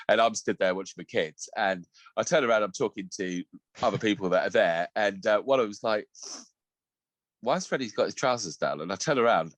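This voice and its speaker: A man's voice: on the low side, dry recording. Guy on a podcast, swears a lot, cracks up at his own stories, voice jumps all over, dry close mic. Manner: laughs a lot, animated storytelling, swears freely. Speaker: podcast co-host. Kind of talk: casual podcast chat.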